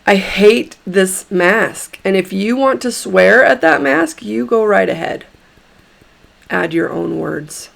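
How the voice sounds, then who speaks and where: A woman guiding a tapping session, repeating phrases emphatically and giving gentle, encouraging instructions. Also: mid-range voice, vocal fry. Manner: slow, emphatic repetition of phrases. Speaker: tapping therapy guide.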